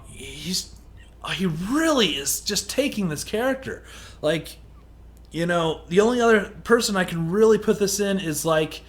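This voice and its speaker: A man casually reviewing a movie in a rambling, candid way and swearing now and then. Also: on the high side. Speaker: film reviewer.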